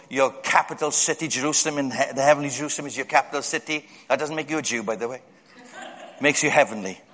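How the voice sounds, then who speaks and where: A man preaching a sermon in a church hall, telling stories and jumping up high to act out other people's voices. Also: fairly bright tone. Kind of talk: storytelling sermon. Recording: long hall reverb.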